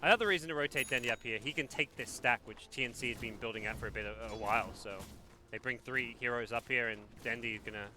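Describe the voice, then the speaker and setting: An Australian man commentating a live esports match in a chatty, relaxed way, with lots of fillers. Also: medium pitch, fast talker.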